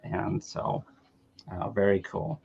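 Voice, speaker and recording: A man's voice: sits low, expressive, takes it slowly, gravelly, darkish tone, breathy edge, muffled recording. A man from the American South telling rambling, joking stories in a casual chat, often restarting his words.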